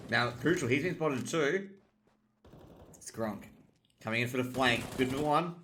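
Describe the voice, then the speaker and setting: Fast-calling male esports caster. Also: medium pitch, sharp tone, a little hiss or hum. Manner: rapid call-outs that lift sharply on kills. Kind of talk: play-by-play game commentary.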